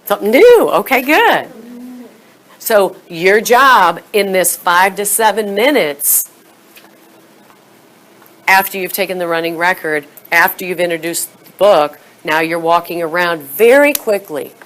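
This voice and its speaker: A woman's voice: on the low side, a little slow, a bit bright. A woman presenting a teacher training session in a workshop room. She acts out classroom prompts and drops to a whisper to model them.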